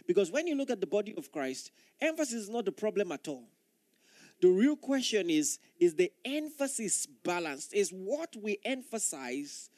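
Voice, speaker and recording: A male pastor delivers an earnest sermon in a fairly high voice, pressing his points by repeating phrases. The sound is dry and close, with no room echo. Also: darkish tone.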